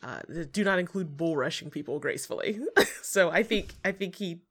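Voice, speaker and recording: Lively low-pitched woman playing a tabletop game. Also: moderate pace. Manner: laughing, animated chat. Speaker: player. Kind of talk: casual tabletop game play.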